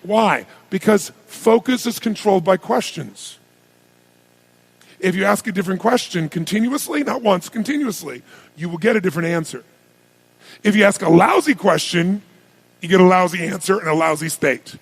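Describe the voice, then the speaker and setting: A man's voice: sits high, lively intonation, moderate pace, husky. A man giving an emphatic motivational seminar talk to a live audience in a large venue, firing questions at the crowd. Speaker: motivational speaker.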